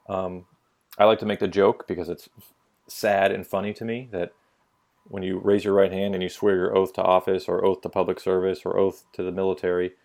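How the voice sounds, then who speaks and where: A man's voice: deep voice, gravelly, a little mellow. A young man telling stories on a casual opinion podcast, blunt and profane. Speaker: podcast co-host.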